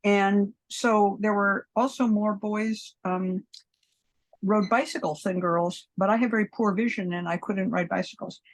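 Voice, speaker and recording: A woman's voice: medium pitch, fairly even intonation, a little slow. A woman in her seventies, a podcast guest, telling long rambling stories and acting out the people in them, often laughing. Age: 70s. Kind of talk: long anecdotal interview storytelling.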